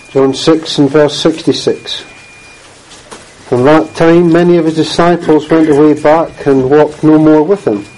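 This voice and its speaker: A man reading scripture aloud and then preaching, in a measured, earnest way, often clearing his throat. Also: a little high, dark tone, poor audio.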